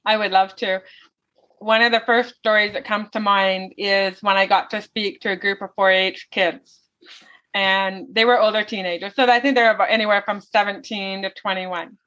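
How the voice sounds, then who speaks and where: A woman's voice: medium pitch, steady tone, normal speed, bright, forceful tone. A woman speaking as an interview guest, telling her story in an earnest, heartfelt way. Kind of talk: interview conversation. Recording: dull lo-fi audio.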